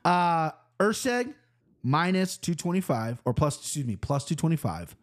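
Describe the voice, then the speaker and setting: A man hosting a fight-betting show, talking in a rambling, profane, animated way. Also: fairly high pitch, moderate pace. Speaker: host of a fight-picks show. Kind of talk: casual betting chat.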